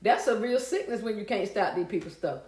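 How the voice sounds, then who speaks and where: A woman's voice: mid-range voice, lively intonation, brisk, darkish tone. A woman hosting a casual livestream, chatting with viewers and reading out their comments in a folksy way. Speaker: livestream host. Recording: echoey room.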